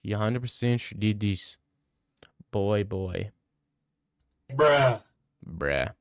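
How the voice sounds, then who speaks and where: A man's voice: fairly low pitch, slow, dry recording, clean studio sound. A young man, chatting casually on a live stream and answering his chat in a brash, joking way. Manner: brash, joking, swears a lot.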